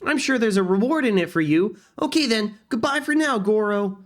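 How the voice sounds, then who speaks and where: A man's voice: sits high, expressive, moderate pace, voice pushed up. A man voicing a cheerful male rock-creature messenger, reading on-screen game dialogue aloud in a raised, bouncy voice. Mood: eager.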